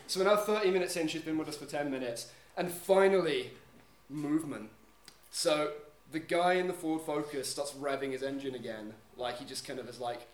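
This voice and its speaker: A man's voice: on the high side, a little fast. A man telling a story to a live audience, acting out the scenes with sound effects. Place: live event venue. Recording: echoey venue with background noise.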